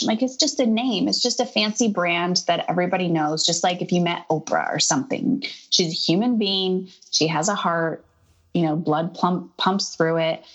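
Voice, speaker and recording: A woman in her thirties talks as a guest on a podcast, in a casual and animated way. Her voice sits a little low, and she slips into lively voices when she quotes herself and other people. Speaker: interview guest.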